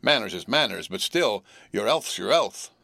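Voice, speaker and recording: A man's voice: lowish voice, very animated, moderate pace, gravelly, pushed and bright, no room sound, clean studio sound, full character voice. A man reading an audiobook, voicing a good-natured, simple village man who speaks in a confidential rustic dialect. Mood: worried earnest. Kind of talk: audiobook character voice.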